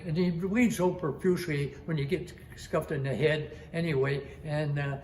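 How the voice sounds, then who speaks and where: A man's voice: on the high side, steady tone, moderate pace, vocal fry, few pauses, darkish tone, slight background noise. A man in his nineties, a retired master chief, telling a sea rescue story in a vivid, dramatic way, repeating phrases and imitating sounds. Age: 90s. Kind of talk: personal storytelling.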